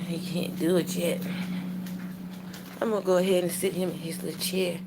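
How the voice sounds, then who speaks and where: A woman's voice: on the low side, flat delivery, normal speed, very noisy. A woman chatting casually to her viewers while she cooks breakfast live in her home kitchen. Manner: chatty, talks straight to viewers. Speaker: cooking vlogger livestreaming. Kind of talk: casual live cooking chat.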